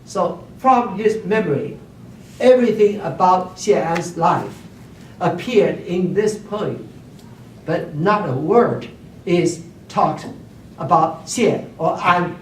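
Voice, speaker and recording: A man's voice: high voice, animated, slow, recorded from a distance, a little hiss or hum. A man teaching classical Chinese poetry to a class, keeps checking that the students follow, and hums examples. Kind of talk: classroom lecture. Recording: roomy classroom recorded from afar.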